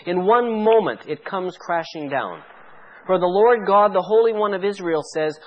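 A pastor preaching a sermon with fervent, pleading intensity, firing off rhetorical questions at the congregation. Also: male voice, high-pitched, animated, normal speed, muffled recording.

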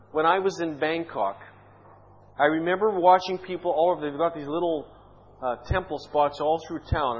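A man's voice: high-pitched, slightly rough, dull audio. A male pastor preaching an impassioned sermon, full of rhetorical questions.

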